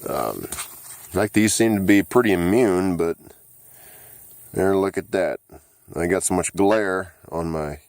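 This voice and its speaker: A man's voice: deep voice, lively intonation, takes it slowly, long pauses, darkish tone, no room sound. A man hosting a casual walkthrough of his vegetable garden, talking in an easygoing way with plenty of "uh" fillers. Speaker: gardening channel host. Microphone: handheld camera mic.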